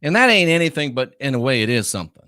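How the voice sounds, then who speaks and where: A man hosting a reaction commentary, ranting with profanity and mockery, swinging from shouted jeers to low muttering. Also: big pitch swings, fast talker, dry recording, clean studio sound. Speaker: commentary host.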